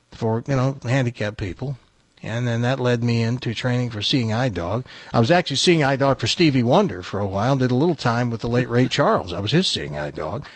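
A man's voice: medium pitch, no room sound, natural voice. A man voicing a chatty, boastful eight-year-old male talking dog in a joke. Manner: chatty and coaxing, brags casually.

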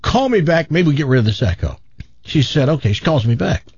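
A man's voice: on the high side, sing-song, a little fast, darkish tone, slightly rough, dry recording, highs cut off. A man animatedly retelling a frustrating story, exasperated, acting out the people he quotes. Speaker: caller telling a story. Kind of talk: casual storytelling on a talk show.

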